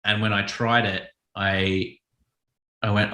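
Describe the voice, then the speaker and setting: A man, a children's author, answering interview questions in a thoughtful, self-correcting, relaxed way. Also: on the low side, takes it slowly. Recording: echoey room.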